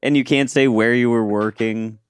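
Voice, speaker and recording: A young man co-hosting a podcast in a casual chat, making deadpan quips. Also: medium pitch, moderate pace, smooth, dry recording. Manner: deadpan quips, acts out mock-threatening voices. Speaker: podcast co-host.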